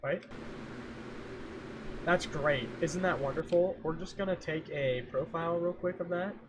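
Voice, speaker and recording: A man's voice: on the high side, unhurried. A young man streaming live, rambling and joking with his chat while he sets up his audio. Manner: rambling, jokey, talks to himself and chat. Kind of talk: casual rambling livestream chat. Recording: faint fan noise behind a home mic. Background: fan running.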